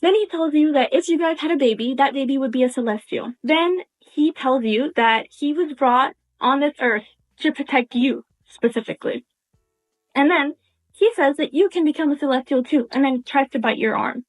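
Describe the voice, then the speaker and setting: High-voiced young woman telling a story. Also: normal speed. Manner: tells it in second person with quoted dialogue. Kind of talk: casual storytime monologue. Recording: tinny phone-like sound.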